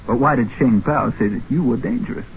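An actor playing a confident, gallant adventurer who talks in a breezy, wisecracking way. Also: male voice, mid-range voice, expressive, a little fast, vocal fry. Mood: wry. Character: cocky, gallant American adventurer, male. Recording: muffled old film soundtrack, faint hiss.

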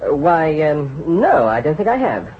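An actor playing a cautious young bank clerk in a vintage radio drama, hesitant and polite, also narrating. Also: male voice, fairly high pitch, very animated, measured pace, a little hiss or hum. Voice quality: hesitant, polite, full of ums and uhs. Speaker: narrator and hero. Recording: dull old radio drama recording.

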